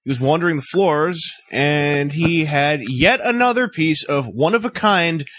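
A man's voice: on the high side, a little slow, a bit bright, dry recording. A man hosting a podcast at a fan convention, chatting casually with many fillers and restarts into a handheld mic. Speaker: podcast host. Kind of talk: casual chat. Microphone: handheld mic passed between speakers.

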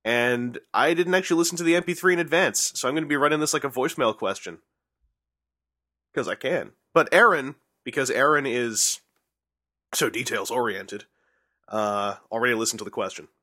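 A man's voice: mid-range voice, moderate pace, sharp tone, no echo, studio quality. A man hosting a podcast in casual chat, joking and teasing his co-host in a showman-like way.

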